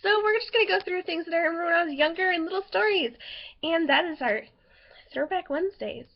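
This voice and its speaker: Chatty high-voiced young woman vlogging. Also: fast, highs cut off. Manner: chatty, giggly, rambling with fillers. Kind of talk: casual chat to camera.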